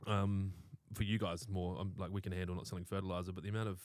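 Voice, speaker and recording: Aussie guy, lowish voice, dry close sound, laughs thru crude yarns on a live chat show. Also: level tone, quick pace, no room sound. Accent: Australian. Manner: laughs through his stories, crude banter. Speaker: podcast co-host.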